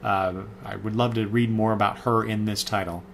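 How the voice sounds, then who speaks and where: A man's voice: on the low side, fairly even intonation, normal speed, vocal fry, a little hiss or hum. A man giving a casual, rambling spoken review of comics, full of fillers and self-corrections.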